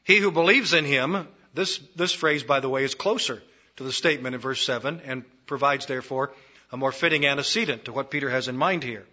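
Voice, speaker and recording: Emphatic male preacher, husky and bright. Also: mid-range voice, a little fast, highs cut off. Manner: emphatic, repeats phrases for stress. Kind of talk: expository sermon.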